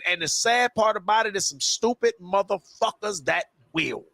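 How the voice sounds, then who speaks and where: A man's voice: high voice, normal speed, creaky, hardly any pauses, bright, forceful tone, no room sound. A man hosting a podcast, ranting in a profane, emphatic way and repeating himself to hold the floor. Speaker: show host. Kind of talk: casual podcast rant.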